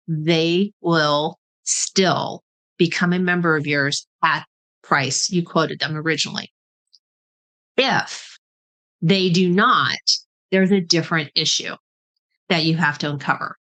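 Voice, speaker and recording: Chatty woman host, low voice. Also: a bit bright. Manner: chatty, peppers talk with "right?" and "okay?". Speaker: podcast host. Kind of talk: casual teaching talk.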